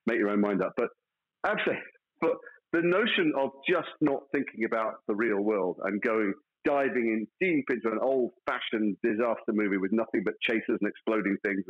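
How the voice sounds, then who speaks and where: A man's voice: lowish voice, fairly quick, phone-quality sound. A man, an actor guest in a casual interview, telling stories playfully with mock outrage.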